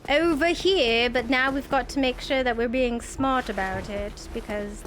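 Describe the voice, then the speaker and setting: A woman streaming a video game, reacting excitably with gasps, shouts of frustration and sarcastic asides. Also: a little high, unhurried, slight background noise. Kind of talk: gameplay commentary. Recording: loud background music.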